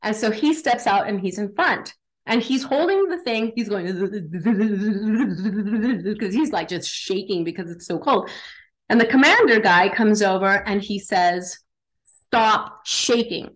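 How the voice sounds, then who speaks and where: A woman speaking as a podcast guest, an energetic, emphatic performance coach who often tags her sentences with "right?". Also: mid-range voice, normal speed. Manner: impassioned motivational delivery. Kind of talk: casual podcast interview.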